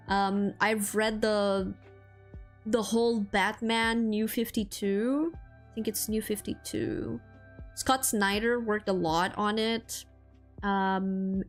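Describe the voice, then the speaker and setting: A woman VTuber streamer chatting casually about games and comics, rambling and animated, with lots of fillers and laughter. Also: medium pitch. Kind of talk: casual chat.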